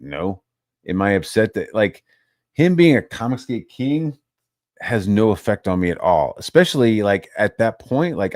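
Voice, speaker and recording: Recorded in clean studio sound without echo, a fairly low-voiced man hosting a channel rants about internet drama. He's animated, curses a lot, and mimics people in exaggerated voices to mock them.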